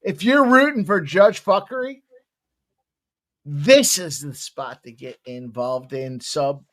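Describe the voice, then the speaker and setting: A man's voice: on the high side, animated, slow pace, fairly bright tone. A man hosting a live betting stream, joking loosely and swearing as he hypes the bets. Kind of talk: casual live-stream banter.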